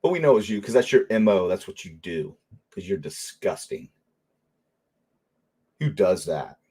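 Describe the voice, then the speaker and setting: A middle-aged man hosting a casual livestream, telling animated stories and laughing often. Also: deep voice, normal speed, slightly rough. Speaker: livestream host.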